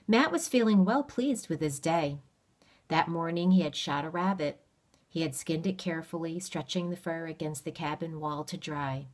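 Woman with a low voice reading a kids' novel aloud, calm and measured. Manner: steady, measured storytelling. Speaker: reader.

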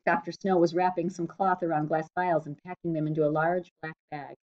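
A woman reading a novel chapter aloud for students, with steady, clear storytelling. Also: low-pitched, a little fast, few pauses. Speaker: reader. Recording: slightly dull lo-fi recording.

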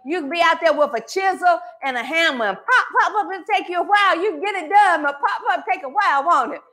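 High-voiced woman preaching with fire. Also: fast. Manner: animated preaching with call-and-response. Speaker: pastor. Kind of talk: sermon. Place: church sanctuary.

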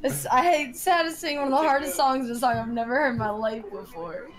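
A woman's voice: sits high, brisk, over a noisy crowd. Playful woman streamer in game chat. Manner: playful, chatty. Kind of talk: casual voice chat while gaming.

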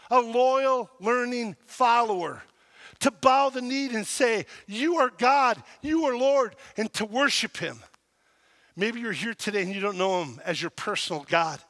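A man in his sixties preaching a sermon as pastor, telling stories in an animated way and shouting at the high points. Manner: animated storytelling, shouting at peaks. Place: church sanctuary. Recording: long hall reverb.

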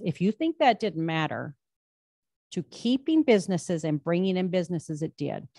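Low-voiced direct woman. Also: a little mellow, dry recording, studio quality. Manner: direct, conversational, emphatic. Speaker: state labor commissioner speaking to a club. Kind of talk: speech answering an audience question.

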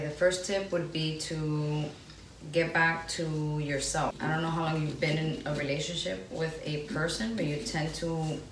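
A middle-aged mother chatting bluntly and giving motherly advice while her daughter films on a phone. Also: deep voice. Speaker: vlogger's mother. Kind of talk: casual chat. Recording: echoey room, phone held far off, noise.

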